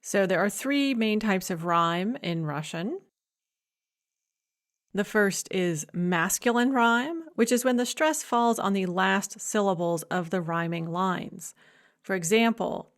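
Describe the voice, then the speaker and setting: A woman giving a recorded lecture, explaining points clearly and stressing key ideas. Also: mid-range voice, animated, takes it slowly.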